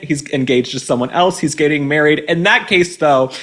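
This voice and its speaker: A man's voice: a little high, animated, unhurried, a bit bright. A man in his twenties hosting an opinionated commentary and advice show, sarcastic and emphatic, repeating his points. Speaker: host.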